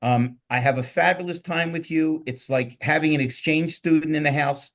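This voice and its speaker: Middle-aged male host, Philly accent, rambling and jokey, energetic panel banter. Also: fairly high pitch, moderate pace. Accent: Philadelphia. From Philadelphia. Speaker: podcast host. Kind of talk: casual panel talk.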